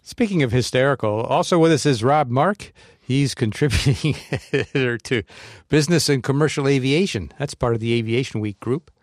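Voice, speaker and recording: A man's voice: mid-range voice, normal speed, no room sound, studio quality. A man hosting a podcast, reading introductions and laughing easily in casual chat. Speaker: podcast host.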